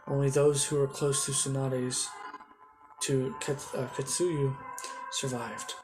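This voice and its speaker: A man rambles through a fan story in casual slang, his pitch staying flat and level. Clear background music runs under his voice throughout. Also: slow pace. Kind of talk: casual fan-fiction narration.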